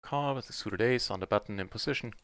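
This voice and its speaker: A man streaming live poker, chatting through his hands in a mutter that breaks into excited shouts on big wins. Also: on the low side, fast, dry recording, studio quality.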